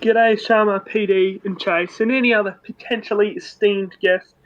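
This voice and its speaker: A man's voice: sits high, fairly even intonation, normal speed, dry recording. A man from Australia with an Australian accent, telling a cheeky, laid-back story in a casual voice note, recorded dull and lo-fi. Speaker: listener sending a voice note.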